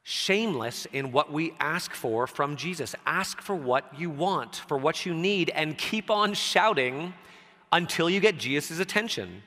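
A man preaching a sermon in a conversational way, dropping soft and low, then rising when he quotes scripture. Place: church sanctuary. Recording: church hall reverb.

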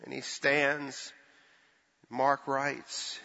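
An older man preaching a sermon, telling a story and acting out the quoted voices with hushed and lifted tones. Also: medium pitch, animated, unhurried. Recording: dull sound with long hall reverb.

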